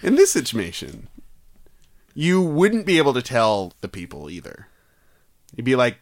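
A man's voice: medium pitch, huge pitch swings, unhurried, long pauses, dry recording, studio quality. A man co-hosting a comedy podcast, chatting casually and teasing playfully. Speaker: podcast co-host.

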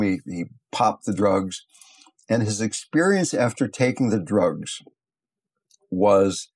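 An older man teaching meditation, telling stories in a calm, unhurried, reflective way. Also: on the low side, husky. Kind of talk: teaching talk with storytelling.

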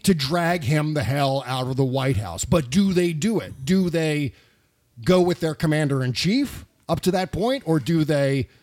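A man's voice: a little high, unhurried, no room sound, studio quality. Emphatic man talking politics. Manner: emphatic, animated, rhetorical questions. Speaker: political commentator on a podcast. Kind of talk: casual political discussion.

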